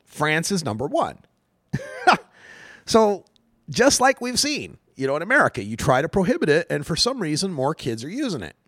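A man hosting a talk radio show, delivering news commentary in an animated, sarcastic way and laughing at his own jokes. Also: fairly high pitch, moderate pace, dry recording, studio quality.

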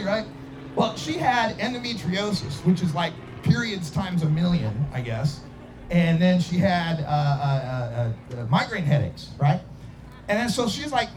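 A middle-aged man from Idaho telling a personal story in a casual, animated way, acting out voices and sound effects and laughing often. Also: high voice, brisk, slight background noise. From Idaho, USA.

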